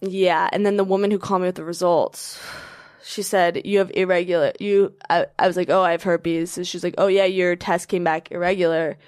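A woman's voice: lowish voice, a little fast, dry recording, clean studio sound. A young woman telling a candid story in casual chat, swearing often and laughing as she talks. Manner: profane, laughing, animated storytelling. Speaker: guest telling her story.

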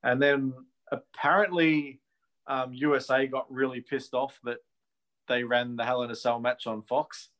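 An Australian man talks loosely and with plenty of opinion. His voice sits in an ordinary middle range. He chuckles along and keeps the tone relaxed. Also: medium pitch, unhurried. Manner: chatty, opinionated, laughs easily. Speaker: wrestling podcast co-host. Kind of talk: casual chat.

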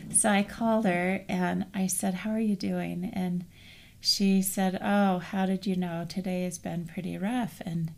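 A middle-aged woman co-hosting a casual talk on grief, telling a family story in a gentle, reflective way. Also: lowish voice, little pitch movement, measured pace, gravelly. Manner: gentle, storytelling, soft trailing phrases. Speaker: co-host.

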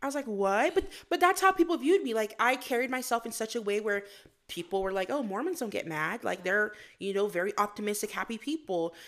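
A young woman from Florida, a podcast guest in casual interview chat, telling animated stories with acted-out quotes. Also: mid-range voice, a little fast. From Florida, USA.

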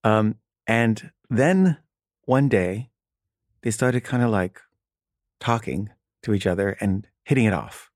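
A man's voice: lowish voice, lively intonation, takes it slowly, no room sound, studio quality. A man casually telling a personal story, wry and loose, with frequent filler words.

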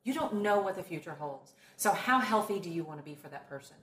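A woman's voice: lowish voice, animated, quick pace, a bit bright. A woman co-hosting a casual podcast chat as a coach, talking in an emphatic, motivational way. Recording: roomy with faint background noise.

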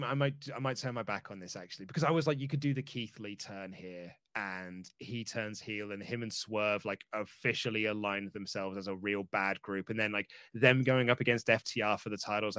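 A man's voice: on the low side, a bit bright, no room sound. Rambling man on a dry-sounding podcast. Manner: thinks aloud, rambling with restarts and laughs. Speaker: podcast co-host. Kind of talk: casual wrestling podcast chat.

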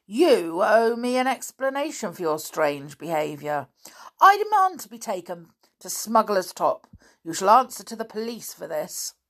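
Stern scornful uncle, low voice, a lady reading him. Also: expressive, slow pace. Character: stern scornful middle-aged male scientist.

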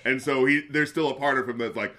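Man, bright tense voice, podcast co-host, animated casual film chat. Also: medium pitch, quick pace. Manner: animated, laughs often, lots of "like".

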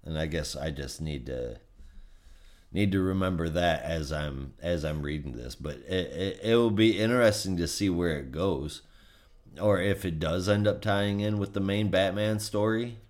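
Very deep-voiced man, blunt and halting. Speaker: podcast co-host. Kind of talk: casual comic book chat.

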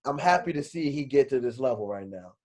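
A man co-hosting a casual chat, relaxed and slangy. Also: medium pitch, a little fast. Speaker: podcast co-host.

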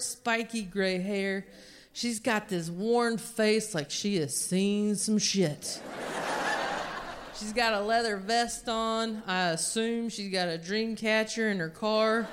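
A woman stand-up comedian telling a story to a live club audience, with animated, punchy delivery. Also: medium pitch.

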